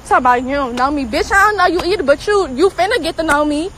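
High-voiced woman ranting mad online, cussing nonstop, faint hiss behind her. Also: fast, fairly bright tone, low-quality recording. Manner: profane, heated, repetitive. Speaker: celebrity girlfriend. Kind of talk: angry social media rant.

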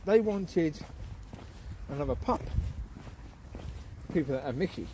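A middle-aged man talks casually on a countryside dog walk, his voice mellow and a touch higher than most men's. He breaks off to call loudly to the dog. Faint outdoor noise sits behind him. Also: lively intonation, unhurried. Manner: chatty, calls out loudly to the dog. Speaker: dog owner vlogger. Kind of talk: casual outdoor chat while walking a dog.

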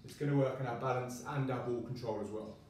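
A man's voice: mid-range voice, fairly even intonation, fast, a little mellow, recorded from a distance, a little hiss or hum. Encouraging male PE teacher in echoey room. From United Arab Emirates school. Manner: encouraging, demonstrating while talking. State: a little out of breath while counting. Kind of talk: home workout lesson.

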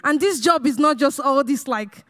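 A young woman with a Nigerian accent and a high, bright speaking voice delivers a sermon-style testimony. She tells her story with animated energy, laughing often and acting out the dialogue for the crowd. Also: moderate pace. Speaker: guest speaker sharing a testimony.

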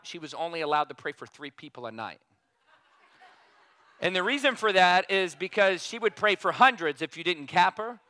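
A man in his thirties preaches a sermon through personal stories, chatty and keen to draw in the congregation with questions. His voice sits a little high and sounds bright and forceful. The sound is close and dry, with no room echo. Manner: conversational, keeps asking the congregation questions.

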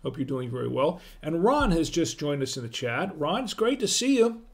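Chatty man with a gravelly voice. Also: on the high side, sing-song, normal speed. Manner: chatty, greets viewers in the chat by name. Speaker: wine stream host. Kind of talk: casual live-stream wine tasting.

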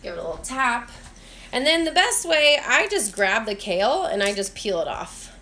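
A woman's voice: a little high, big pitch swings, normal speed, pushed and bright. A woman giving a casual, chatty cooking demonstration in her home kitchen, mixing instructions with friendly asides. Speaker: cooking vlogger and teacher.

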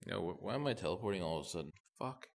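Deep-voiced, swearing gamer man. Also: racing, gravelly. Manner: profane, excitable, talks to himself while playing. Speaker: gamer channel host. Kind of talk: gameplay commentary.

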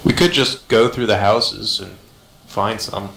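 Player type, mid-pitched man, hesitant, reads rules in a roomy-sounding room. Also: a little slow, vocal fry, a bit bright. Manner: hesitant, many ums, reads out spell text. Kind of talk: casual game chat, reading rules aloud. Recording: roomy echo.

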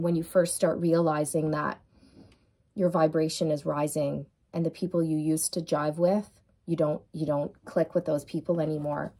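A woman's voice: deep voice, warm tone. A woman reading tarot cards for viewers, speaking in a soothing, affirming and repetitive way. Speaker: tarot reader.

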